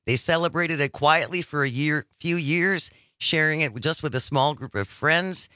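A man's voice: a little high, normal speed, bright, forceful tone, no room sound, clean studio sound. A man co-hosting a casual talk show, sharing trivia in an informative way. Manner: informative, reads facts. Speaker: co-host. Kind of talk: casual chat.

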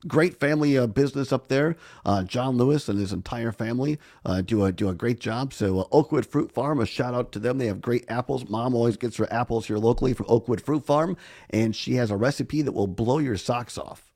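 A man's voice: medium pitch, a little fast, a little mellow. A middle-aged man hosting a casual local radio call-in show, upbeat and chatty. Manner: upbeat, chatty, repeats phone numbers. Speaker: radio host.

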